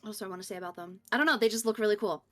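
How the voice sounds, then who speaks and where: A woman's voice: mid-range voice, very fast, fairly bright tone. A woman co-hosting a game stream, friendly and explanatory in casual chat. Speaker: co-host.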